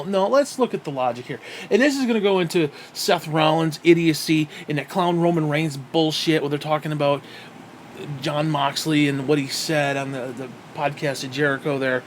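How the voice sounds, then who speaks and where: A man's voice: fairly high pitch, slight background noise. A man giving a profane, exasperated solo rant as a wrestling reviewer, sighing often. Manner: profane, exasperated ranting with sighs. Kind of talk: ranting solo commentary.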